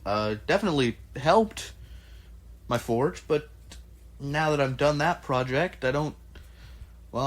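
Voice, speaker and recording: Man voicing a raised-pitch, halting tomb builder NPC who rambles. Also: lightly acted. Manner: halting, rambling, full of restarts.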